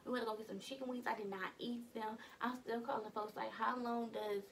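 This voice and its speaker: A woman's voice: fairly high pitch, fast talker, distant mic, slight background noise. A young woman telling a story in casual vlog style, acting out her own lines. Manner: animated, acts out her own lines in quotes. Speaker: vlogger.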